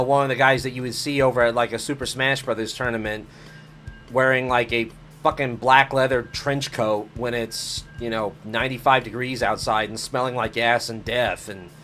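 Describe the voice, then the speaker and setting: A man streaming a video game live, swearing and yelling at his team, then dropping into low, rambling chat. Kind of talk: live gameplay commentary.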